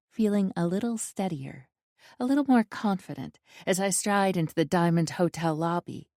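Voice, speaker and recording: A woman's voice: fairly low pitch, mellow, dry recording, studio quality. A woman narrating a first-person romance audiobook with intense, emotional delivery.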